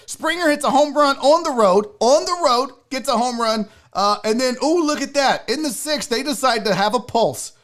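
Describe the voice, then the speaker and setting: Ranting sports talk host, lively pitch. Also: male voice. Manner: loud, mocking, profane ranting. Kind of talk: solo sports rant.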